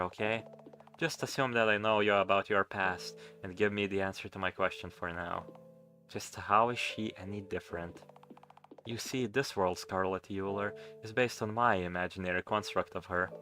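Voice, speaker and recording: A man reading a calm, patient young man. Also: deep voice. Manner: measured, gently warning.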